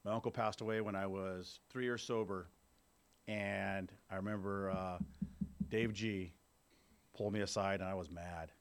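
A man's voice: sits low, fairly even intonation, normal speed. A man in his fifties giving a candid personal recovery testimony to a group, talking conversationally and checking in with his listeners. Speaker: speaker at a recovery meeting.

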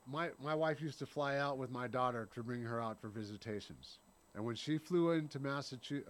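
30s guy sharing his recovery story, blunt, swears a bit, keeps saying right?. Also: mid-range voice. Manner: earnest, tags lines with "right?". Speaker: recovery meeting speaker. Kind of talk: personal recovery share.

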